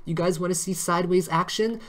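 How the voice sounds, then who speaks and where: A man's voice: high voice, steady tone, a little fast. A man hosting a live stream on crypto charts, chatty and joking, always checking in with tag questions.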